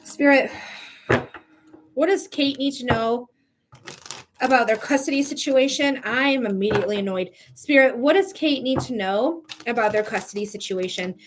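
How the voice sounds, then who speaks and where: A woman with a somewhat high-pitched voice hosts a live-streamed psychic reading. She talks in a casual, emphatic way, swears freely, and addresses her viewers directly. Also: moderate pace, slight background noise. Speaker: psychic reader.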